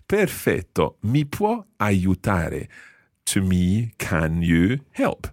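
A man hosting a language lesson, patiently explaining Italian words and slowing down to repeat phrases. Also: low voice, wildly swooping pitch, no room sound, studio quality. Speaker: language course host.

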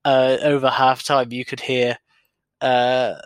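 A man's voice: mid-range voice, smooth, no echo. A man co-hosting a casual fan podcast, talking animatedly and laughing often. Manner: animated, laughing, quick to mimic others. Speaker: podcast co-host. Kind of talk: casual chat.

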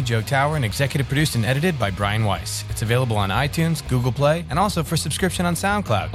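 A man reads a podcast's closing credits quickly and casually. His pitch sits in the middle, and his tone is a little irreverent. Guitar music plays clearly behind him. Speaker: podcast producer and host. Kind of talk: scripted podcast outro.

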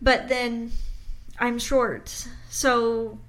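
Young woman, casual chat, slightly high voice, curious, asks questions. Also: flat delivery, very slow, fairly bright tone, low-quality recording.

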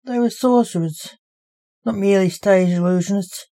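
A woman reading her own story aloud as its author, in an even, unhurried storybook narration. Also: medium pitch.

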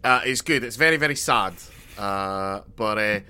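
A young man co-hosting a podcast, spinning rambling deadpan jokes in casual chat with frequent restarts. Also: on the low side, moderate pace, smooth. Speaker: podcast co-host.

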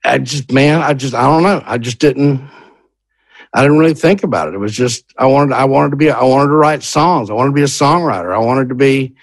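A man telling his own story in a casual, animated way, often restarting his sentences. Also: mid-range voice, brisk, no echo. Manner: animated, many restarts and repeats "literally".

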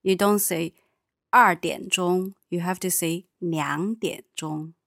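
A woman with a Chinese accent explains words in a lesson, slow and patient, her voice sitting a little low for a woman. She gives short, encouraging replies and models each word. The sound is close and dry. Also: fairly even intonation, vocal fry, a bit bright, no room sound. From China. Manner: patient, brief affirmations, models pronunciation. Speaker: Mandarin teacher. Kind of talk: conversational language lesson.

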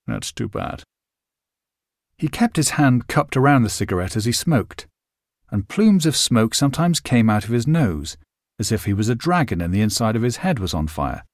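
A man narrating a first-person short story in a vivid, expressive reading. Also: medium pitch, moderate pace, no room sound, clean studio sound.

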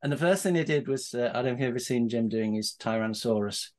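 A man's voice: mid-range voice, quick pace. A middle-aged man, a podcast guest, telling casual anecdotes in a rambling way with many restarts and chuckles.

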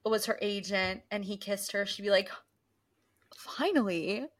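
A young woman co-hosting a casual recap chat, talking through scenes and acting out lines in quick voices. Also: mid-range voice, completely flat delivery. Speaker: podcast co-host.

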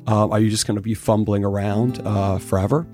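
A middle-aged man telling his own story in a casual interview, candid and animated, cursing freely. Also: on the low side, a little fast, soft background music. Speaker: interview guest, distillery owner.

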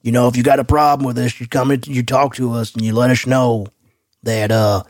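A man's voice: medium pitch, little pitch movement, fairly quick, no echo, clean studio sound, lightly acted. A man putting on a folksy Southern official.

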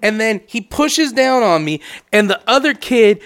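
A man telling a profane, rambling story in casual chat, dropping into a low mumble when he quotes people. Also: lively intonation, a little slow, fairly bright tone, clean tone.

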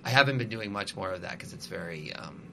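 Musician guest, male, bright voice, loose rambling talker full of fillers. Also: lowish voice, animated, fast talker, slight background noise. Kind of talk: casual conversation.

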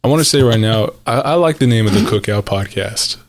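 Give me a low-voiced man joking around on a casual podcast. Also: a little fast. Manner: playful, jokey, asks follow-up questions. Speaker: podcast co-host. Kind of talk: casual chat.

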